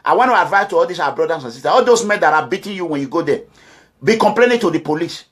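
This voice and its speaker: A middle-aged man from Nigeria, speaking forcefully as a community advocate, urging and lecturing his listeners. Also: a little high, expressive, quick pace. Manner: forceful, exhorting, repetitive, quotes others in voices. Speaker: community advocate addressing followers. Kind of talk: impassioned monologue.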